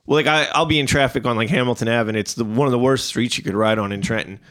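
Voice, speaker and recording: A man's voice: medium pitch, quick pace, fairly bright tone. A man in casual, profane podcast chat, rambling and acting out what other people said. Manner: rambling, swears a lot, acts out quotes. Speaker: podcast co-host.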